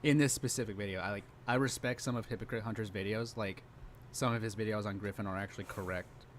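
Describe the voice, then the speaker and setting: A man's voice: on the low side, fairly even intonation, fast talker, a little hiss or hum. A man co-hosting a reaction stream, sarcastic and crude, laughing often. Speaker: co-host. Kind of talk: casual reaction commentary.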